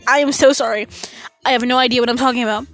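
Racing through her words, a teenage girl of fourteen hosts a casual solo podcast from her bedroom on a phone, faint music behind her. Her voice is a little high, steady and fairly bright, and she's breathless, rambling, and loses her thread.

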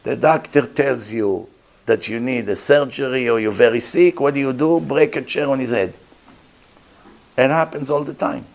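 A man's voice: medium pitch, normal speed, creaky. A man, a rabbi telling a story in a lecture, acting out the voices of the people in it and laughing often.

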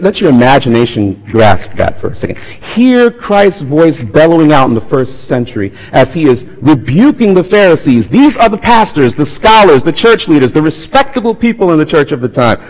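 A male pastor preaching a sermon, swinging between loud appeals and hushed, quiet tones. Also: fairly high pitch. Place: church sanctuary. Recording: long reverb of a large hall.

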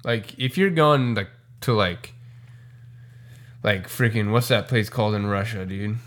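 A man's voice: fairly low pitch, measured pace, a bit bright. A young man in casual podcast chat, goofy and rambling with lots of slang.

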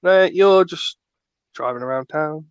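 A man's voice: on the high side, a little slow, smooth, dry recording, lo-fi sound. A man co-hosting a podcast, ranting playfully in casual chat and acting out little scenes. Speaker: podcast co-host.

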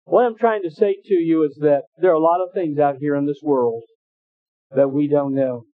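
A man's voice: a little high, fairly even intonation, moderate pace, no room sound. A male pastor preaching a sermon in a folksy, anecdotal way, often restarting phrases. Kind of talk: sermon with storytelling. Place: church. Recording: tinny phone-like dry sound.

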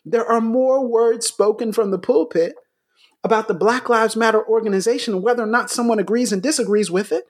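A man's voice: high-pitched, brisk. A man co-hosting a podcast, speaking with preacher-like intensity and urgent, rising appeals. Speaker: podcast co-host. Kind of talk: impassioned commentary.

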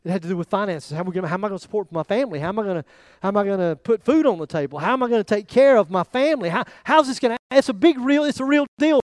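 A man preaching a sermon as pastor, telling his own story with animated swings between loud and hushed delivery. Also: high voice, very fast, hardly any pauses, dry recording. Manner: animated storytelling, voice rising and dropping to near quiet.

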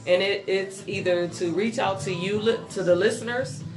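A woman's voice: mid-range voice, normal speed. A woman co-hosting a casual faith podcast, talking earnestly and repeating phrases for emphasis. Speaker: podcast co-host. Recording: echoey room, music underneath. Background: music.

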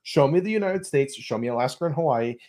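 A man hosting a podcast in casual chat, animated and rambling, often laughing. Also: medium pitch, fast. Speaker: podcast host.

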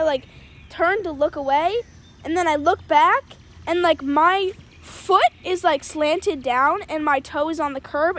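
A young woman with a high voice tells a story in a blunt, offhand way, tossing in a swear word here and there. She keeps it casual, like she is chatting with a friend. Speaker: co-host. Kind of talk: casual chat.

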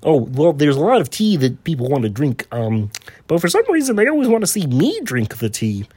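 A man doing an impression of a gentle, cheerful puppet frog in a raised, nasal voice. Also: a little high, huge pitch swings, fairly quick, husky, no echo, full character voice.

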